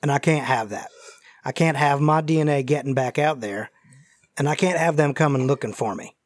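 A man's voice: fairly high pitch, fairly quick, no echo, clean studio sound, close to an everyday voice. A man doing a wounded drawling drifter on the run. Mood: bargaining. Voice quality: Southern drawl, like a folksy colonel. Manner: wheedling, evasive, drawling.

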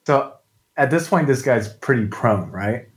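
A man's voice: mid-range voice, expressive, unhurried, low-quality recording. A man playing in a tabletop game, talking through his character's moves hesitantly, with many likes and restarts. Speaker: player.

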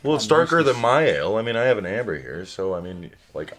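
Wry guy at a tabletop game, lowish voice, lively, faint music. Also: fast, crowd noise. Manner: wry, joking. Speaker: player. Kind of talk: casual tabletop banter.

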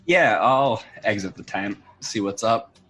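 A man's voice: lowish voice, lively intonation, measured pace, sharp tone, faint music behind. A man playing a tabletop game, speaking in an eager, playful way. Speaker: player. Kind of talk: casual tabletop play.

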